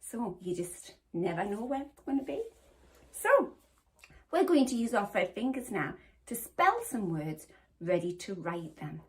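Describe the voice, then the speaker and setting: A woman's voice: medium pitch, big pitch swings. A woman primary school teacher giving a phonics lesson to young children, encouraging and sounding out letters one by one. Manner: slow, sing-song, encouraging, sounding out letters. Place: home or classroom, recorded for home learning.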